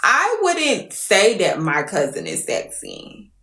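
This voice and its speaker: A woman telling a story to viewers on a live stream, animated and profane. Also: mid-range voice, takes it slowly, roomy sound.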